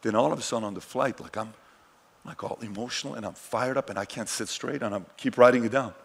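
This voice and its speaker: A middle-aged man telling personal stories in a motivational talk, swinging from hushed lines to shouted ones. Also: medium pitch, fast talker, vocal fry, husky. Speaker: keynote speaker.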